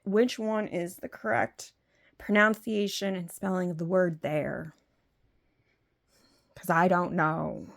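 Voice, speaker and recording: A woman's voice: medium pitch, vocal fry, a little mellow. A woman hosting her own video, talking through her opinions in a rambling way with many fillers and restarts. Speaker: video host. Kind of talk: unscripted opinion monologue.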